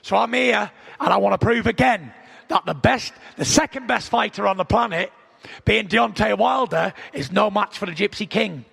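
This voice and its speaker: A young adult man, a boxer trash-talking at a press conference, boastful and taunting, with a gravelly voice. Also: sits high, moderate pace, fairly bright tone. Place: large packed press conference hall. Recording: echoey large hall.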